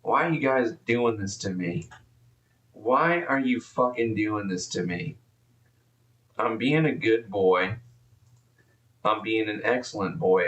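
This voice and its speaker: A man's voice: on the low side, a bit bright, roomy sound, far from the mic. A man live-streaming and commenting casually, profane and rambling, easily exasperated.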